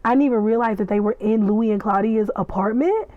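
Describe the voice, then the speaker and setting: A woman giving a casual, excitable recap and reaction, chatty and acting out the scenes as she tells them. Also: on the high side, brisk, highs cut off, slight background noise. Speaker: podcast reviewer.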